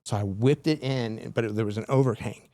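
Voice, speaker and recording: A man's voice: medium pitch, a little fast, dark tone, no room sound. A man on a podcast, casually telling a long story full of "like" fillers. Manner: rambling, filler-heavy retelling with lots of "like". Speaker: podcast guest.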